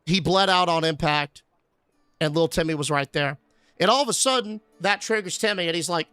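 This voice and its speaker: A man's voice: fairly high pitch, brisk, smooth, no room sound, soft background music. A male streamer recapping a horror film in a casual, sarcastic rant, cursing now and then. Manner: animated, sarcastic, swears casually.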